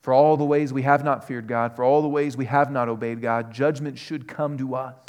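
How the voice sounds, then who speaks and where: A man preaching a sermon, earnest, moving from quiet questions to loud, emphatic passages. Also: medium pitch, fairly even intonation, normal speed. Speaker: pastor.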